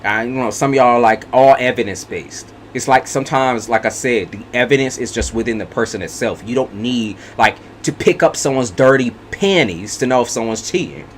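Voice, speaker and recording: A man's voice: medium pitch, fairly quick, hardly any pauses, slight background noise. A man giving a casual tarot reading monologue, blunt and profane, repeating his points for emphasis. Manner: blunt, profane and repetitive, hammering points home. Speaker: tarot reader.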